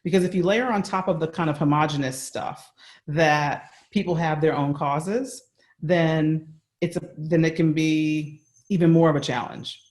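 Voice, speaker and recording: A man's voice: fairly high pitch, fairly even intonation, normal speed. A man with an American accent, a guest speaking earnestly and conversationally in a remote interview from home, often checking in with "right?". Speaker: guest speaker on workplace bias. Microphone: video call.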